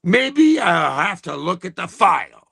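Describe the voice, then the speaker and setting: A man's voice: high voice, big pitch swings, measured pace, creaky, sharp tone, breathy edge, dry recording, clean studio sound. A Canadian man hosting a live broadcast, delivering a heated, profane rant. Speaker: livestream host. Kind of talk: angry ranting monologue.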